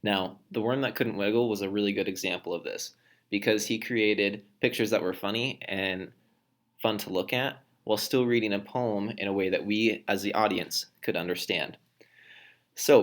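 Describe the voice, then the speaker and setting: A man's voice: lowish voice, moderate pace. A man teacher explaining how to read poetry aloud in a recorded lesson, demonstrating points with his own voice.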